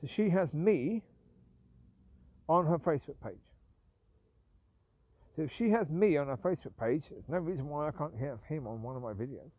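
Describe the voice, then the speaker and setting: A man with a slightly high voice rambles through a casual vlog monologue. He sounds aggrieved and keeps justifying himself, looping back to the same points. The sound is dry, with little room around it. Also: animated, moderate pace, long pauses, dark tone, no echo. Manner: repetitive, aggrieved, self-justifying. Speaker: vlogger.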